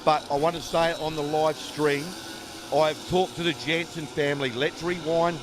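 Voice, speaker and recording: A man's voice: fairly high pitch, steady tone, normal speed, background noise. A man chatting and telling stories as co-commentator at a kart race, rambling with fillers. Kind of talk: casual trackside storytelling. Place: outdoors at a dirt kart track.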